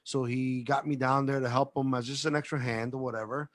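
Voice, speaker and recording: A man's voice: medium pitch, fairly quick, no room sound. A man from the cigar industry telling a rambling story on a video call, full of restarts and asides. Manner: animated, rambling with many restarts. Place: at home.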